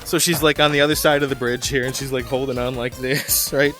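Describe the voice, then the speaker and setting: A man's voice: mid-range voice, level tone, a little fast, fairly bright tone, soft background music. Chatty man telling a story, laughing. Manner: chatty, laughs often, acts out voices. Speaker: gaming channel host. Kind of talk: casual storytelling over gameplay.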